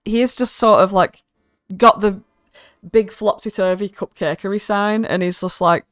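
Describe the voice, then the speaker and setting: A woman's voice: medium pitch, normal speed, no echo, clean studio sound. Casual British woman running a tabletop game. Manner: casual, swearing, laughs into voices. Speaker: dungeon master.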